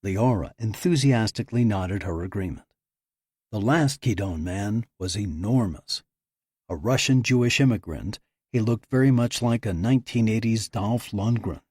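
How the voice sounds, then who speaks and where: A man reading an audiobook in measured, scripted narration on a close mic. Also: fairly low pitch, darkish tone, husky, dry recording.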